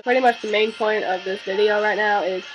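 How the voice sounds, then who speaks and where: A woman's voice: medium pitch, steady tone, brisk, over music, low-quality recording. A teenage girl vlogging, telling a story with exasperated sarcasm. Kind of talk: casual ranting vlog.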